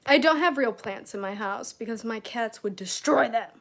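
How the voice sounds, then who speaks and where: Chatty woman with a slightly high voice. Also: moderate pace, a bit bright. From Michigan, USA. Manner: chatty, laughs often, many "you know" fillers. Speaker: self-help mentor streamer. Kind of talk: casual livestream chat, reading comments. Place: at home, room with candles and incense.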